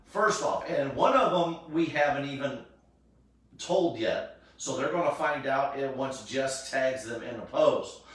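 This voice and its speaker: A man's voice: mid-range voice, unhurried, fairly bright tone. A man hosting a casual charity live stream, rambling with lots of fillers and restarts. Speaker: charity cosplay event host. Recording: echoey room, distant mic.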